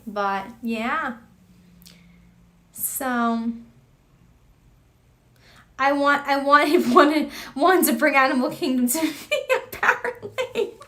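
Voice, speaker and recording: A woman's voice: sits high, lively intonation, slow, long pauses, a bit bright. A woman hosting a livestream, chatting casually and giggling while answering viewers in the chat. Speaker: livestream host.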